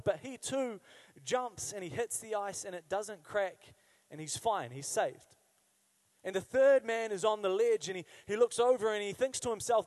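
Pastor, male, high voice, chatty sermon delivery, leans on repetition. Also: expressive, moderate pace, a little mellow. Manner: conversational, engages listeners with questions; emphatic repetition.

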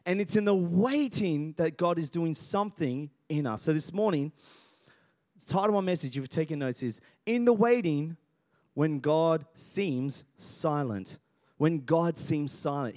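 A man, preaching a sermon, calling for responses from the congregation and swinging from quiet to loud. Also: a little high, lively intonation, measured pace. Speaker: pastor.

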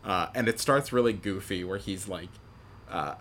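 Young male co-host, low-pitched and chatty, slight room hiss, loose filler-heavy delivery. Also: moderate pace, fairly bright tone. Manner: rambling, many "like" fillers, acts out quotes. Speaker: podcast co-host discussing a film. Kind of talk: casual chat.

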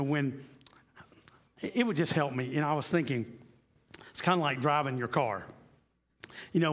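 Earnest pastor with a higher male voice. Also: a bit bright. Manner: earnest, repeats key phrases and slows down for emphasis. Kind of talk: sermon.

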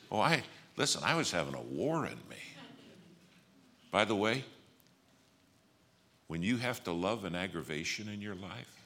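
Male preacher, low and forceful, animated sermon storyteller, faint background noise. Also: moderate pace, long pauses. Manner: animated storyteller, acts out quoted dialogue, swings from loud to hushed.

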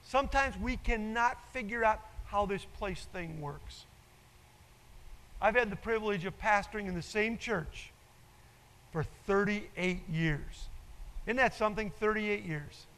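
A man's voice: high-pitched, unhurried, pushed and bright. An older man, a pastor preaching a sermon with emphasis and repeating his key phrases. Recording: long reverb in a large hall.

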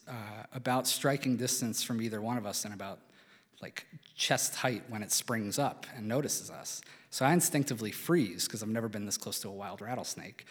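A man's voice: on the low side, husky. A man from Philadelphia telling a true story on stage in a casual, chatty way, full of "like" and little fillers. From Philadelphia, USA. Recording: reverberant hall, live stage.

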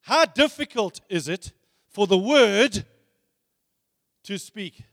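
A man's voice: high voice, expressive, takes it slowly, fairly bright tone. A man preaching a sermon, emphatic, repeating phrases and asking rhetorical questions. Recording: long hall reverb.

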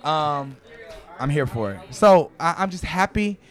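A man's voice: on the high side, expressive, measured pace. A man who is a reality TV cast member, guesting in a casual interview with a brash, joking manner.

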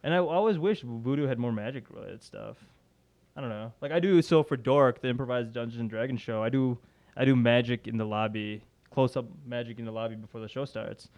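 A man, a podcast guest talking casually about his magic and improv work, chatty and self-deprecating with quick restarts. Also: mid-range voice, darkish tone, highs cut off.

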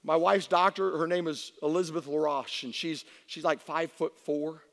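A middle-aged man, a pastor, telling a personal story in a sermon, animated and acting out voices. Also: a little high, moderate pace. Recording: long reverb of a large hall.

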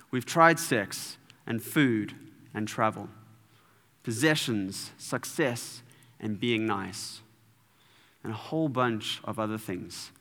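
A male preacher delivers a lively sermon with a bright, forceful voice that swings widely in pitch. He is playful and animated, and the long reverb of a large hall trails after his words. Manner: playful, animated, with sound effects.

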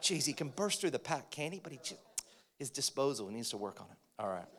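An American man preaching a sermon to a congregation, talking in an energetic, joking way that rises to emphatic points. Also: medium pitch, quick pace. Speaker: pastor. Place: church, in front of a congregation.

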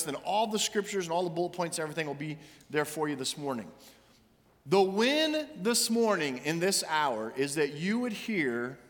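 Male senior minister delivering a sermon; high-pitched, earnest, emphatic scripture reading; long reverb from the church hall. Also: fairly bright tone. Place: church sanctuary.

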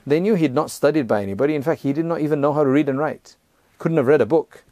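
A man's voice: fairly high pitch, fast, warm tone, no echo. A man giving a conversational religious lesson, explaining step by step, often checking in with "right?" and "you know", and sometimes chanting verses in Arabic. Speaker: Islamic teacher.

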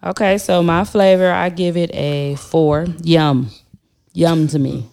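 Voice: mid-range voice, level tone, slow pace, vocal fry, darkish tone, clean tone. Easygoing person from milwaukee reading out wine scores, laughs a lot. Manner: laid-back, laughs easily, reads out ratings. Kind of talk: casual chat.

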